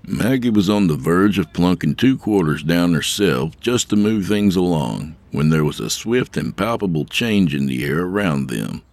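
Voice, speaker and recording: Male narrator, very deep, animated delivery, dry studio sound, wry storytelling. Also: moderate pace, few pauses, no echo.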